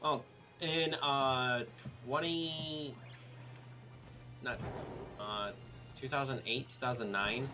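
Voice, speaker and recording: An easygoing man with a mid-pitched voice chats and jokes on a livestream. He often trails off mid-sentence. Faint music plays behind him. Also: fairly even intonation, slow, pauses often, sharp tone. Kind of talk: casual chat on a livestream.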